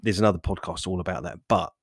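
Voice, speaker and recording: A man's voice: low-pitched, fairly even intonation, quick pace, no echo, clean studio sound. A man hosting a fitness podcast, talking in a rambling, self-correcting monologue. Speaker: podcast host.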